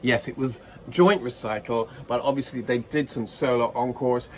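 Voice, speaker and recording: A man's voice: mid-range voice, fairly even intonation, moderate pace, slight background noise, poor audio. A man working as a vocal coach, giving reaction commentary in an effusive, openly emotional way.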